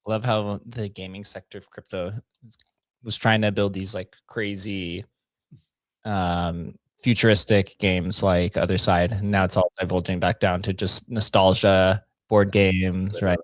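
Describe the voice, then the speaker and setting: A man's voice: low-pitched, little pitch movement, a little slow, no echo. A man hosting a casual group audio chat, upbeat and enthusiastic as he brings people in and gives updates. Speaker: host.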